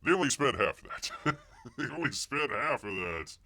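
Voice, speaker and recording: A man's voice: mid-range voice, sing-song, normal speed, pushed and bright. A man hosting a casual live stream, rambling and joking as he reacts to the news. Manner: rambling, jokey, wonders aloud and mocks the news. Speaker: live show host.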